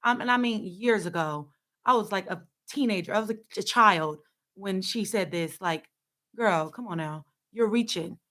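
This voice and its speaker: A woman's voice: medium pitch, normal speed, fairly bright tone. A young adult woman hosting casual commentary, blunt and sassy, talking back at the clips she plays. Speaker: host.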